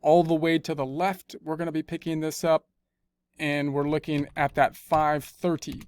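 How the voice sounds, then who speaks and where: A man's voice: on the high side, flat delivery, normal speed, a little mellow, clear, resonant tone. Man narrating a spreadsheet lesson. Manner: talks through spreadsheet steps, repeating phrases. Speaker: accounting instructor. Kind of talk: screencast tutorial narration.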